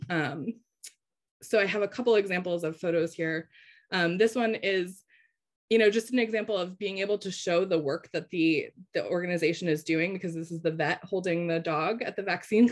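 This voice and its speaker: A woman giving a slide-based webinar presentation in a conversational way, often checking in with the audience. She is losing her voice. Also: fairly low pitch.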